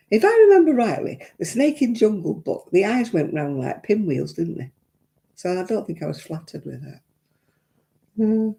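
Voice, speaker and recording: A woman's voice: mid-range voice, big pitch swings, normal speed, gravelly, mellow. A woman hosting a casual craft live stream, telling stories in a chatty, self-mocking way and laughing between them.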